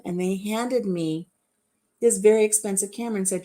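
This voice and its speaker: A woman in her fifties hosting a live chat and telling stories in a warm, chatty way, laughing at herself. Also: mid-range voice, normal speed. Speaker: host.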